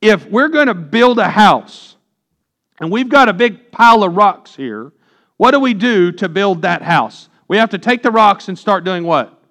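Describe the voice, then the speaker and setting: A man preaching a sermon as pastor, reading scripture slowly and putting questions to the congregation. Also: high voice, lively intonation, fairly bright tone.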